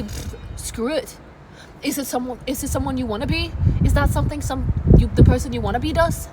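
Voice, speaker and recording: A woman's voice: high voice, brisk. A woman YouTuber giving a playful, emphatic motivational talk on an outdoor balcony. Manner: energetic, playful, emphatic repetition. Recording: noisy outdoor ambience with traffic.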